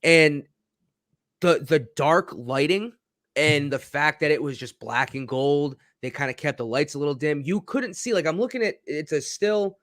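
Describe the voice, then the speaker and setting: A man's voice: a little high, lively intonation, moderate pace, fairly bright tone, no room sound, clean studio sound. A man co-hosting a casual live-streamed wrestling chat, talking in a rambling, easygoing way. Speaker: wrestling podcast co-host.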